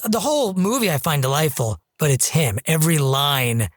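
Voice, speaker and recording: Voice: medium pitch, very animated, normal speed, no room sound, clean studio sound. A podcast co-host chatting casually about favorite comedy performances, effusive and savoring each word. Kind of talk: casual film chat.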